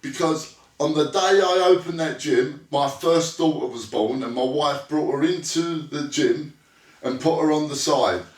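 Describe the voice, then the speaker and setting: A man, a former bouncer, telling a rough story bluntly, acting out what was said and swearing freely. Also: fairly high pitch, a little slow, distant mic. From Britain. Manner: blunt, swearing, acts out quoted dialogue. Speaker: former bouncer, interview guest. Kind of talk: storytelling anecdote. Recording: echoey room, voice a bit off-mic.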